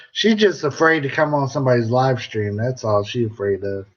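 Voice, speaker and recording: A man's voice: mid-range voice, normal speed, dull audio. A middle-aged American man chatting casually on a live stream, joking and reading viewer comments aloud. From United States.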